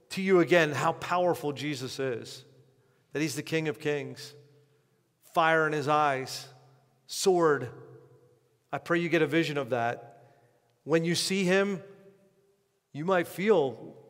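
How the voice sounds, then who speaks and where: A male pastor delivering an impassioned sermon, with sudden shifts in loudness and pace. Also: on the high side, long reverb tail. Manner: impassioned preaching with sharp swings in loudness and pace.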